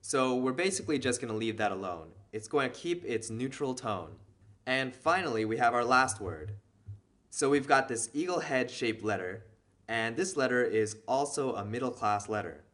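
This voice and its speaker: A man's voice: medium pitch, animated, moderate pace, fairly bright tone. A man patiently explaining a beginner reading lesson step by step, as the teacher of a language video series.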